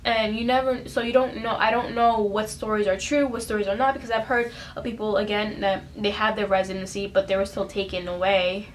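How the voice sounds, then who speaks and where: A woman's voice: medium pitch, fairly even intonation, fairly quick, few pauses. Young american woman vlogging, emotional and earnest, lots of ums and restarts, a little background hiss. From United States. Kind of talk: casual personal vlog talk.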